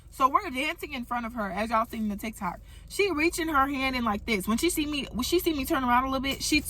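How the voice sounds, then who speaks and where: A young woman telling a storytime vlog, animated and profane, talking straight to her viewers. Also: high-pitched. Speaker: vlogger. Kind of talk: storytime monologue.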